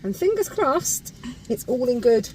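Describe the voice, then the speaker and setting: A woman in her thirties talks casually into a phone mounted in her car, bright and chatty, often breaking off to speak to her children. Her voice sits a little high. A faint hum of car ambience runs underneath. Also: big pitch swings, measured pace, rough recording. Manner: chatty and upbeat, addresses her kids mid-talk. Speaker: family vlogger. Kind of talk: casual vlog chat to camera. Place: inside a parked or moving car. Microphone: phone in a holder.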